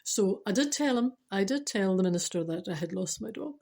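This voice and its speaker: Older Scottish woman, vlogger: mellow husky tone, chatty storyteller with earnest spiritual asides. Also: mid-range voice, brisk. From Scotland. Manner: chatty, laughing, animated storytelling. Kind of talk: casual storytelling to camera.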